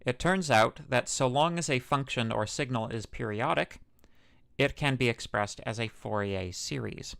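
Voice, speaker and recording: Here a man of medium pitch and fairly bright tone lectures at a normal speed, miked up in front of a university class. His talk is casual and loose, peppered with fillers, self-corrections and jokes, one poking fun at his own radio-smooth voice.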